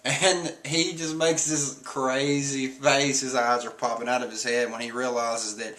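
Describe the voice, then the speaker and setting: Bright-voiced man recapping a comic. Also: medium pitch, flat delivery, moderate pace. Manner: chatty, laughs often. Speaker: comic reviewer. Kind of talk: casual chapter recap.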